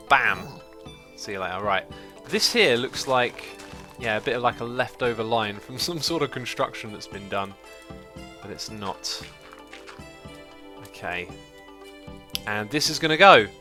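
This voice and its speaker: A man hosts a relaxed gameplay livestream, talking casually and reading out viewer messages. His voice is bright and forward at an everyday middle pitch. Soft music plays faintly underneath. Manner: chatty, reads out viewer donations and messages. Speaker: livestream host.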